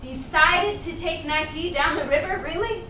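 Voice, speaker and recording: A woman with a non-native English accent, playing a fiery, sharp young actress who argues indignantly in a stage play. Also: extremely high pitch, far from the mic. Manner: sharp, indignant, rapid-fire arguing. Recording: roomy stage, picked up from afar, noisy.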